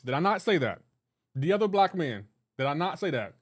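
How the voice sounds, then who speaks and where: Young male gamer-streamer, slightly high voice, playful trash-talking banter. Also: very animated, brisk. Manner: teasing, banter-heavy, breaks into laughter. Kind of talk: casual live-stream chat, reading chat aloud.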